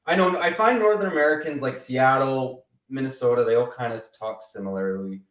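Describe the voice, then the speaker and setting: A man with a Canadian accent hosts a casual livestream, greeting chat viewers by name and laughing often. His medium-pitched voice is brisk and a bit bright, with faint music in the background.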